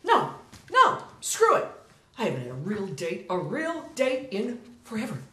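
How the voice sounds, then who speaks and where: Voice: medium pitch, sing-song, normal speed, close to an everyday voice. A performer playing an exasperated, sarcastic bridge patrol officer who sighs and rants. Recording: echoey room.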